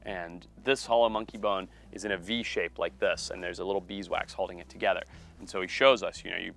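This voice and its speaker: A man, a wildlife biologist and TV host, telling a story in a casual, animated way. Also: low voice, a little fast, vocal fry. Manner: animated, acts out quoted voices.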